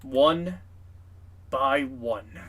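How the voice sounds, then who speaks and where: Brief: a man playing a menacing enemy leader in a tabletop game, calm, mocking. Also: medium pitch, extremely slow.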